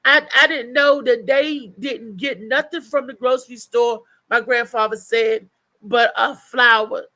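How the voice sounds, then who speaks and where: A woman's voice: on the high side, a little slow. A woman co-hosting a casual livestream chat, telling stories. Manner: animated storytelling with frequent restarts and laughter. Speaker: co-host.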